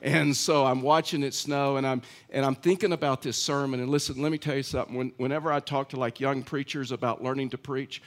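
A man's voice: mid-range voice, fairly even intonation, a little fast, hardly any pauses. A middle-aged male pastor giving a conversational sermon, telling stories with frequent restarts. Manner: chatty storytelling, many restarts.

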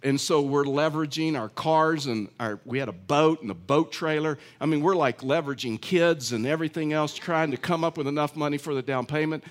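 A man's voice: on the high side, brisk, few pauses. A middle-aged male pastor giving a conversational sermon, telling stories with frequent restarts. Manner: chatty storytelling, many restarts.

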